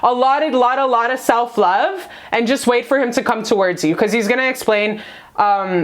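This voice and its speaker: A woman's voice: fairly high pitch, normal speed. Gushing, foul-mouthed woman tarot reader. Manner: effusive, emotional and profane, repeats "you guys". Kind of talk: love tarot reading to camera.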